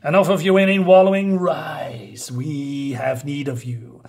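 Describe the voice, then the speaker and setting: A man voicing sinister, commanding spirit masters in a hushed, menacing whisper while reading a comic aloud. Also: fairly high pitch, measured pace, creaky, slightly rough, full character voice.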